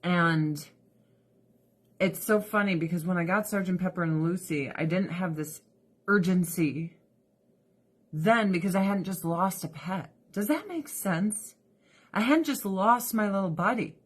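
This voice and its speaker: A woman talking to her viewers in a loose, rambling livestream chat. She is weepy and emotional, laughing between thoughts and swearing freely. Her delivery is slow and drawn out. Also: on the low side. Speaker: vlogger.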